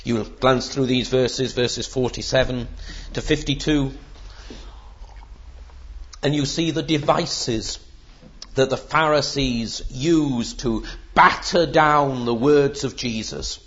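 Slow, emphatic preacher man. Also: mid-range voice, a bit bright. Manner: emphatic, rhetorical, with occasional fillers. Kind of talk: sermon. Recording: dull lo-fi sermon recording.

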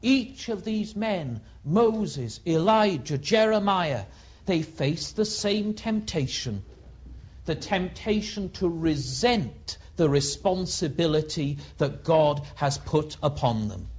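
A preacher giving a slow, emphatic sermon with dramatic rises, on a dull lo-fi recording. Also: medium pitch, expressive, a little mellow, slightly rough.

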